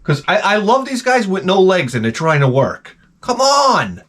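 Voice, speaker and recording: Man, middle-aged, profane comic rant, mutters then shouts, lively pitch, a bit high. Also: moderate pace. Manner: loud, crude, swings from mutters to shouts. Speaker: channel host. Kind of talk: profane comedic rant to camera.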